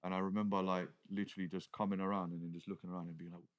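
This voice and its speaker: A man's voice: low-pitched, little pitch movement, rapid-fire. A man, a wrestler guest on a podcast, talking in casual chat. He rambles and packs his talk with fillers. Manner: rambling, packed with "like" fillers and restarts.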